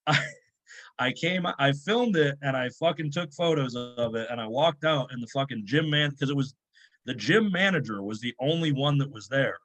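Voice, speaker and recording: A man who is a powerlifter and strength coach, telling a story in a casual interview, swearing constantly and animated. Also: medium pitch, moderate pace.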